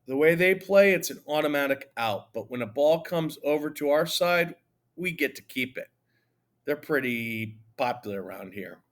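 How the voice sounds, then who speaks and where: A man voicing a sporty, matter-of-fact girl in a storybook reading, brisk and plain. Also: a little high, lively intonation, lightly acted.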